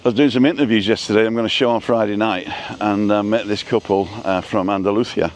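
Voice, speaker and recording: A man's voice: fairly low pitch, steady tone, quick pace, a little hiss or hum. A man hosting a casual live stream while walking outdoors through a seaside town, chatting and reading out viewers' names. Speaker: vlogger host.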